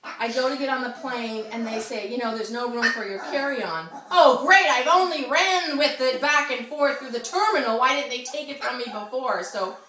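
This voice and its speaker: A woman telling a friend a story in casual chat, animated, often laughing and acting out the people she quotes. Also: sits high, moderate pace. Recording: roomy, distant mic, noisy background.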